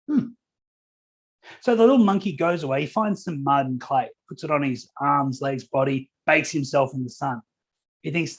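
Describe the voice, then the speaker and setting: A man's voice: a little high, normal speed, slightly rough. A man giving a motivational keynote at a company conference, telling stories in a conversational way, with fillers. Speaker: keynote speaker.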